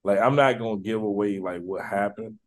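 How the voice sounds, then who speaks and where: A man's voice: fairly low pitch, normal speed. A man hosting a casual podcast, talking in a laid-back way and leaning on filler words. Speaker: podcast host.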